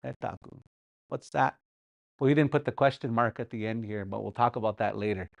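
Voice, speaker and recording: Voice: medium pitch, brisk, vocal fry, dry recording. A Dakota language teacher from Sioux Valley, leading a live class in a playful way and repeating words so students can practise. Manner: paces around the room while teaching. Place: classroom during a livestreamed class.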